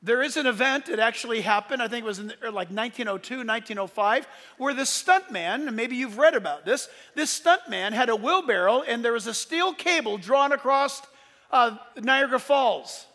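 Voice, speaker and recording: A man's voice: extremely high pitch, animated, moderate pace, sharp tone. A man preaching a sermon as pastor, emphatic, sometimes speeding up and raising his voice. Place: church. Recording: long reverb of a church hall.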